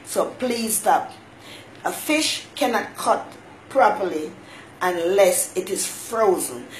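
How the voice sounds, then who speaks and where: A woman's voice: medium pitch, animated, slow, a little hiss or hum, poor audio. A woman hosting her own talk show, giving folksy motherly advice and greeting viewers by name. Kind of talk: casual live-stream monologue.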